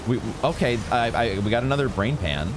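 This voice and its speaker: A man giving excitable, swear-laden commentary while playing a video game. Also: medium pitch, a little fast, background noise. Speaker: gaming channel host. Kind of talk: live gameplay commentary.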